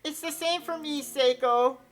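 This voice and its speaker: A woman's voice: sits high, a little slow, voice pushed up. A woman voicing a kind teenage schoolgirl who is crying as she apologizes. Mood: tearful.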